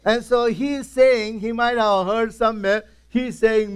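A man's voice: extremely high pitch, fairly even intonation, unhurried, smooth. A man teaching through a Bible passage verse by verse, retelling the verses in his own plain words. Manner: retells scripture in first person, in simple plain English.

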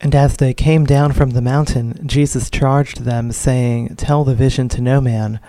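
A man reading Bible passages aloud in a steady, formal manner during a sermon. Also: mid-range voice, a little slow, no echo. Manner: steady, formal reading of old-style verse. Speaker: scripture reader.

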